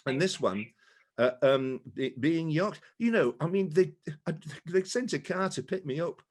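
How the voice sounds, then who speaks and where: A man with a southern English accent, a guest actor chatting casually and telling animated stories that slip into voices. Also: a little high, moderate pace. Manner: animated storyteller who slips into voices. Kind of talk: casual chat.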